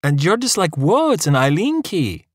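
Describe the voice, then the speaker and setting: A bossy young woman with a high, pushed-up voice that jeers and scolds, as a male narrator puts her on. Her lines are emphatic and mocking, read close and dry. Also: big pitch swings, moderate pace, fairly bright tone, no room sound, heavily acted. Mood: jeering.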